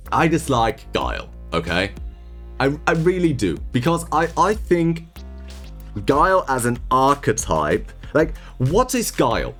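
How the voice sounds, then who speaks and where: A young man ranting casually about a game, exasperated and sarcastic, with stammering restarts. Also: medium pitch. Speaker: gaming video creator.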